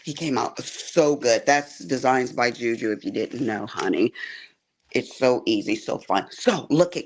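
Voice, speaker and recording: A woman chatting on a sewing and embroidery livestream from her quilting area, animated, calling viewers honey and y'all. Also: rumbling low, unhurried. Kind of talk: casual livestream chat.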